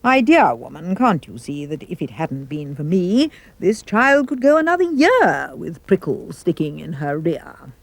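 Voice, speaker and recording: A woman voicing a gleeful, pompous male dentist in a story reading, in a brisk, bossy manner. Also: on the low side, very animated, creaky, pitched below the performer's own voice, full character voice.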